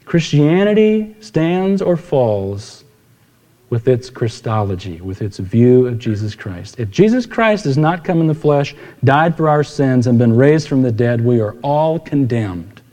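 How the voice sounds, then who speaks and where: A man's voice: medium pitch, very animated, a little slow, mellow. A man preaching a sermon as pastor, conversational and storytelling, acting out the dialogue of the people in his anecdotes. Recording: long hall reverb.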